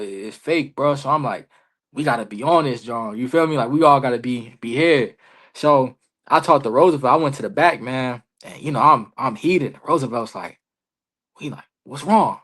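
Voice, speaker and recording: A young man, a wrestler guest on a podcast, telling a story in casual slang and acting out the dialogue. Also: mid-range voice. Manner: animated storyteller, heavy slang, acts out quoted dialogue.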